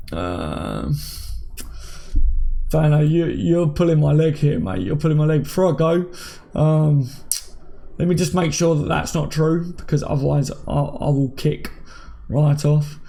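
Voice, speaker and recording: Gravelly-voiced man chatting on a livestream. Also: fairly high pitch, a little slow, pauses often, dark tone. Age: 30s. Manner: chatty, banters with viewers by name. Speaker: livestream host. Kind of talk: casual live chat reading comments.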